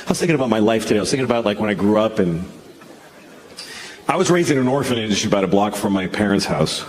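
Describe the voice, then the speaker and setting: A man from the Boston area performing a stand-up comedy set for a live audience, talking in a deadpan, conversational way. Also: quick pace, noisy background. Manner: deadpan, conversational delivery with sudden high-pitched put-on voices. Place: large venue with a live audience. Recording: roomy live venue sound with crowd laughter. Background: audience laughter.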